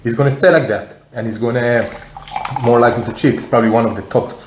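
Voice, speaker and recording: A man's voice: mid-range voice, steady tone, fast, a little hiss or hum. Hesitant man talking in a roomy echo. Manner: hesitant, restarts often, opinionated. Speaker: co-host, husband. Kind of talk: casual chat while eating.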